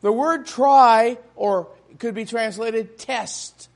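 A man's voice: extremely high pitch, takes it slowly, vocal fry. A man preaching a sermon to a congregation in church, emphatic and full of rhetorical questions.

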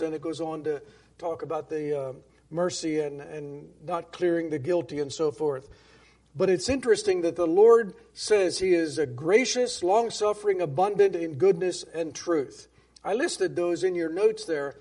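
A man with a fairly high voice leads a Bible-study sermon. He talks in a loose, conversational way, often restarting his sentences and asking the congregation questions. When he reads old scripture aloud, he slows down and leans on the words. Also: a little mellow. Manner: reads King James scripture slowly and emphatically. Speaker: preacher.

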